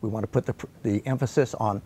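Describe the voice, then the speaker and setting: A man's voice: lowish voice, fairly even intonation, quick pace, dark tone, husky. An older man promoting an event in a studio interview, plainly announcing dates and details.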